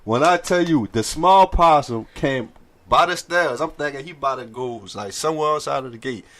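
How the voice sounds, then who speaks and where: A man's voice: mid-range voice, moderate pace. A man telling funny stories in casual chat with friends, acting out the voices of people in them. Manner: animated, acts out voices in his stories. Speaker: guest. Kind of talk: casual storytelling among friends.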